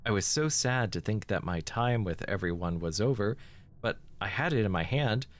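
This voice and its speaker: A man's voice: on the low side, animated, moderate pace, natural voice. A man reading as a scared teenage schoolgirl. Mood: fretful. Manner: anxious, fretful. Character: frightened teenage schoolgirl, panicky and lost.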